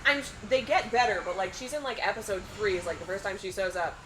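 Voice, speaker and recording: A woman's voice: medium pitch, fast talker, a little hiss or hum, rough recording. Chatty young woman retelling cartoon scenes. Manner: animated storyteller, acts out quotes. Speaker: charity marathon commentator. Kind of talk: casual chat.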